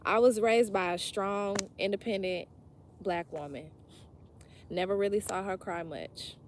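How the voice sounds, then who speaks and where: Slow-talking blunt woman tarot reader. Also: mid-range voice, a little hiss or hum, poor audio. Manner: blunt, profane and emphatic, talking straight to the viewer; repeats phrases for emphasis. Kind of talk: casual weekly tarot reading.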